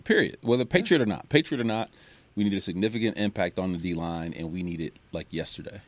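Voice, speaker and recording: A man's voice: low-pitched, fast talker. A man co-hosting a casual sports talk show, emphatic and repeating his points for stress.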